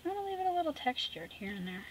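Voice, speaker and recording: A middle-aged woman hosting an art tutorial, chatty and teasing, narrating as she paints and dropping into soft whispered asides. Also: high voice, big pitch swings, rapid-fire, noisy background.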